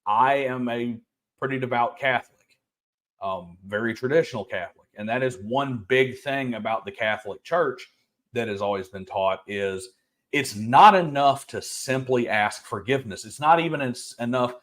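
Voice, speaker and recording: A man co-hosting a commentary, talking earnestly and reasoning things through, quickening as he makes his case. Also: medium pitch, a bit bright. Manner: earnest, reasoned, speeds up when making a point. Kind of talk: casual opinion commentary.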